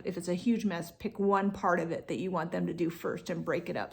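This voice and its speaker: Gravelly-voiced woman coaching parents. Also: lowish voice, brisk, few pauses. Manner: relaxed, conversational, with many fillers and restarts; acts out what parents and kids say. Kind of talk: instructional talk to parents.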